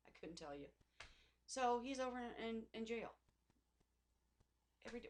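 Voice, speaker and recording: A woman's voice: fairly high pitch, animated, moderate pace, long pauses, a little hiss or hum. A middle-aged woman talking in a personal faith vlog, rambling and emotional, with many restarts and asides. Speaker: Christian vlogger.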